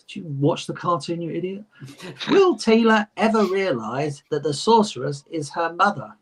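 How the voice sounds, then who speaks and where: A man's voice: on the high side, animated, brisk, breathy edge. A man co-hosting a podcast, chatting casually and reading fan letters aloud with jokey asides and frequent laughs. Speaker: podcast co-host.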